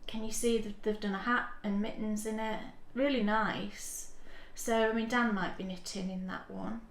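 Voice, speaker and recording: A woman's voice: medium pitch, level tone, normal speed. Chatty woman in echoey room. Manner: chatty, restarts often, shows items to camera. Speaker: podcast co-host. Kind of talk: casual knitting podcast chat.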